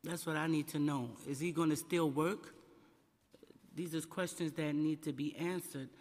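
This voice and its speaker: A woman testifying at a council hearing about her son, emotional and close to tears, halting and repeating her questions. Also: low-pitched, steady tone, darkish tone. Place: large council chamber. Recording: long echo of a large hall.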